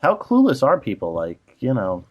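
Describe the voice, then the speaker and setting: A man's voice: mid-range voice, wildly swooping pitch, moderate pace, lo-fi sound. A man co-hosting a casual podcast, telling exasperated stories about rude strangers, full of "like" fillers. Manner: exasperated storytelling, many "like" fillers. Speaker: podcast co-host.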